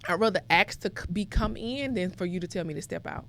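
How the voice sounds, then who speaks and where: A young woman from Mississippi, telling her life story as a podcast guest in an animated way. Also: on the low side, fast talker, gravelly. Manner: animated, acts out quoted voices. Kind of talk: conversational storytelling.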